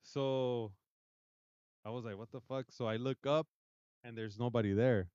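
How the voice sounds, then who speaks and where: A man's voice: medium pitch, fairly even intonation, measured pace, a little mellow, clear, resonant tone, no echo, muffled recording. Rambling bilingual man telling a spooky story. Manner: rambling, swearing, mixing English and Spanish. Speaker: podcast co-host. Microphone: podcast mic.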